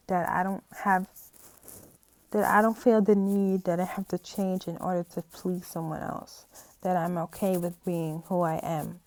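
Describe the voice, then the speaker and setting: A woman's voice: on the low side, darkish tone, no room sound. A young woman talking to camera on her own channel, heartfelt and rambling, often tearful and close to crying. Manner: heartfelt, rambling, repeats "you know". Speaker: channel host. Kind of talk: casual talk to camera.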